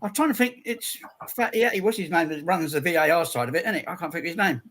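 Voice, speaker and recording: A man's voice: fairly high pitch, fast talker, a bit bright. A man grumbling wearily during a casual football chat. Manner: weary, grumbling. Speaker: co-host.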